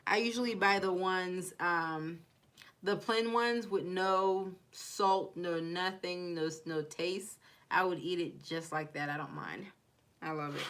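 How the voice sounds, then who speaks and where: A young woman with a blended Haitian and Kentucky accent talks loosely to her live-stream viewers, rambling from one thought to the next and reading their comments aloud. Her voice sits a little low for a woman, and she breaks into giggly asides often. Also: takes it slowly, fairly bright tone. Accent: mixed Haitian and Kentucky. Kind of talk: casual live-stream chat.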